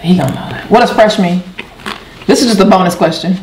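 A woman's voice: lowish voice, fast talker, background noise. Playful woman quizzing in an echoey room. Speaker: vlog host. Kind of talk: casual family chat.

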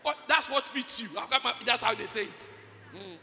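A Nigerian pastor preaching a sermon at a conference, calling out to the congregation for responses and breaking into shouts. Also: male voice, very high-pitched, fairly quick, slight background noise. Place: large church conference hall. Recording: reverberant hall with music underneath.

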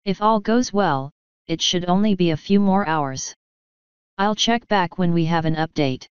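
A polite nurse giving updates in a businesslike way, read by a woman. The voice is low and very smooth. The recording is dry and muffled. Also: measured pace, no room sound, natural voice. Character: polite professional female hospital nurse.

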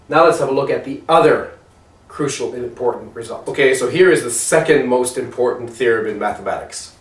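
A man giving a measured, explanatory math lecture. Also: mid-range voice, distant mic. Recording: echoey room, voice from off mic.

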